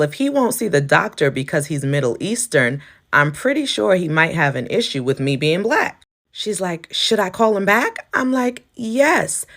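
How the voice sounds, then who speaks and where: Low-voiced woman telling a clinic story. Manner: lively, acts out the dialogue. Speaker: healthcare provider. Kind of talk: casual storytelling to camera.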